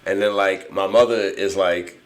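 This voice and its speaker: A man's voice: deep voice, fairly even intonation, moderate pace, a little hiss or hum. A man in his thirties from New Jersey, co-hosting a podcast and telling a story casually, laughing often and swearing freely. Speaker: podcast co-host.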